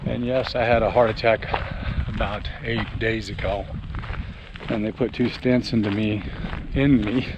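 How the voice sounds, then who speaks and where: An older man vlogging casually on a morning hike, slightly out of breath and rambling with many pauses, recorded outdoors on a handheld camera. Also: lowish voice, fairly even intonation, muffled recording. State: a little out of breath. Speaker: RV travel vlogger. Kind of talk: casual walking vlog. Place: outdoors on a mountain campground hillside. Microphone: handheld camera while walking. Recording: outdoor wind and ambient noise.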